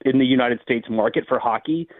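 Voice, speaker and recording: A man's voice: medium pitch, a little fast, no echo. A man from St. Louis co-hosting sports talk radio, musing through his analysis with hedges. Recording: tinny phone-like line.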